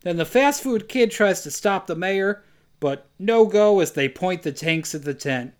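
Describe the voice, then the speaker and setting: A man with a notably high speaking voice runs through a movie plot in a loose, joking podcast chat. He drops sarcastic asides and reads the characters' lines in quick goofy voices. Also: animated, clear, resonant tone. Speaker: podcast co-host recapping a film. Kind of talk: casual comedic chat.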